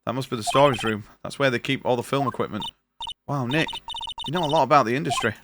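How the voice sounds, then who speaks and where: A man's voice: mid-range voice, fast. A young man streaming a game, chatting casually and reading its dialogue aloud in his own voice over a noisy recording. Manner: chatty, reads on-screen text in his own voice.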